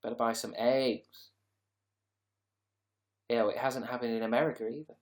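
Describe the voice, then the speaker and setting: A man's voice: mid-range voice, flat delivery, normal speed, darkish tone. A tired man hosting a casual livestream, rambling sarcastically and reading out viewer comments. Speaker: livestream host.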